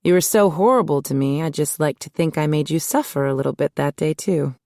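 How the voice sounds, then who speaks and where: A spirited, teasing young woman, read by the narrator in an audiobook. She asks light, prodding questions, in a fairly low voice with a dry, close studio sound. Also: a little fast, a little mellow, no room sound.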